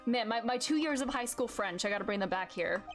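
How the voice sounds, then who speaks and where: A woman's voice: fairly high pitch, lively intonation, brisk, faint music behind. A woman streaming a video game playthrough, reading the lines aloud and joking at her own attempts at accents. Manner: self-mocking, laughs at her own accents.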